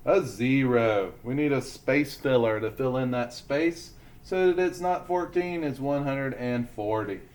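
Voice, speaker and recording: A man teaching a lesson to young children, speaking slowly and deliberately as he sounds out letters and syllables. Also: mid-range voice, darkish tone.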